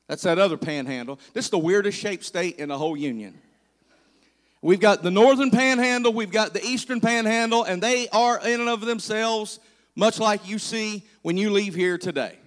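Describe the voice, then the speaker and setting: A middle-aged pastor with a southern West Virginia accent tells folksy stories from the pulpit, tossing playful asides to his congregation. His voice sits high for a man, and it rings out through a big church hall with a long, echoing tail. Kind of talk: humorous sermon.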